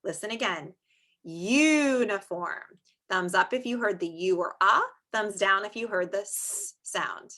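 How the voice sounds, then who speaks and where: Bright sing-song preschool teacher woman. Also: mid-range voice. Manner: sing-song, drawn-out teacher talk for young children. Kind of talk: online small-group phonics lesson. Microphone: screen-share video call.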